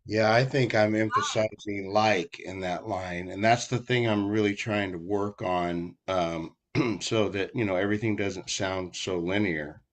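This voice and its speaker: A man songwriter talking over feedback on his song, soft-spoken and hesitant. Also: fairly low pitch, measured pace, few pauses. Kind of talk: casual discussion.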